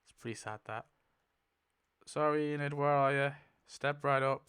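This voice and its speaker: Excitable young man, smooth voice. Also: medium pitch, moderate pace. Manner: excitable, laughs often, swears, counts aloud. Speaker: YouTuber spinning a wheel. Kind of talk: casual commentary while playing.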